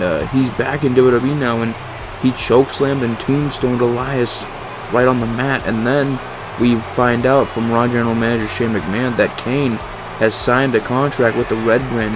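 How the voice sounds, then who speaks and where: Excitable man calling wrestling play-by-play. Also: mid-range voice, poor audio. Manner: excitable, emphatic, casual swearing. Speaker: commentator. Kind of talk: fan play-by-play wrestling commentary.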